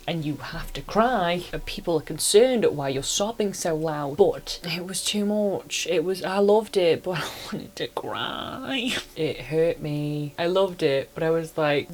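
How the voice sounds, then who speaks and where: A woman giving a casual, animated spoken review of a film and joking about herself along the way. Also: on the low side, measured pace, few pauses.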